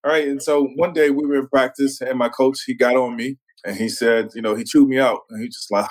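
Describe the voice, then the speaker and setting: A man's voice: medium pitch, steady tone, fairly quick, few pauses, poor audio. A former pro football player as a podcast guest, laid-back and casual, often saying "man" and acting out what others said. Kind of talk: casual interview storytelling.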